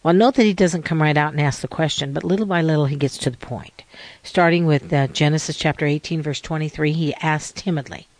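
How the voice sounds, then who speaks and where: A man giving a sermon-style scripture lesson in a measured, earnest way, asking rhetorical questions. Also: on the high side, no room sound. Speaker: religious teacher.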